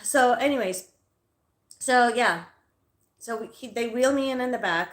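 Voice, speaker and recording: A woman ranting on a live stream, swearing freely as she tells a story that has her fuming. Her voice sits a little high, and the room around her has a strong echo. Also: a little slow, a bit bright. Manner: profane, heated ranting. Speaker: psychic reader hosting a live stream. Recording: echoey room.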